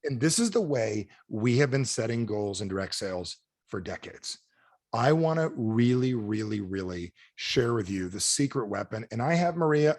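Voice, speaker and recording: A man giving an energetic sales training talk over a video call, firing questions at his audience. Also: mid-range voice, no echo, clean studio sound. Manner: animated, asks the audience repeated questions. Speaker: motivational speaker.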